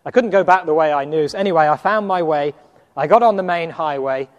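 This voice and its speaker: A man with a high, light voice tells a personal story from the pulpit, acting out the other voices as he goes. His words ring out in a large hall with a long reverb tail. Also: brisk, lo-fi sound. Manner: animated anecdote with acted quotes and laughter. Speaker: preacher. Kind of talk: storytelling sermon.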